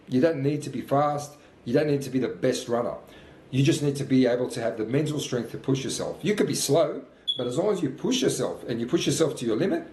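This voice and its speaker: A man's voice: medium pitch, a little mellow. Man in his fifties, out of breath, motivational fitness vlog, roomy sound, faint noise behind. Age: 50s. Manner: earnest, repetitive motivational talk. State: out of breath between sprints. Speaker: fitness coach.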